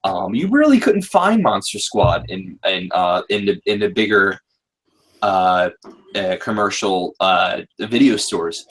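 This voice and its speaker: A man's voice: low-pitched, lively intonation, a little slow, a bit bright, husky. A man in his thirties hosting a casual group talk, rambling with many fillers and restarts. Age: 30s. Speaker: podcast host.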